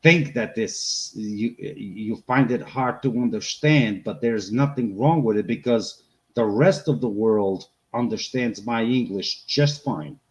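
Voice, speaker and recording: A man with a Boston accent in casual chat as co-host, ranting in an animated way and repeating his words. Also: lowish voice, takes it slowly, highs cut off.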